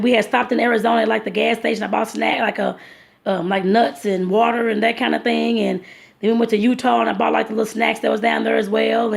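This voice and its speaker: A woman's voice: on the high side, gravelly. A woman telling a rambling travel story to her viewers, full of fillers and restarts. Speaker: vlogger. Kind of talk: casual storytelling vlog.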